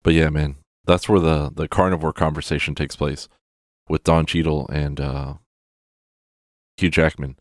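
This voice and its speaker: Man with a very deep voice, dry close recording, giving an exasperated profane film rant. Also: little pitch movement, measured pace, dry recording. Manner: sarcastic, exasperated, swears a lot.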